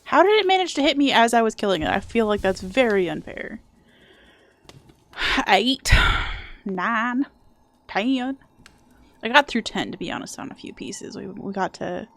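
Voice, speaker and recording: A woman's voice: fairly high pitch, lively intonation, unhurried, pauses often, a bit bright. A young adult woman streaming a video game, chatting casually and sarcastically and swearing now and then. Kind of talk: casual live-stream chat.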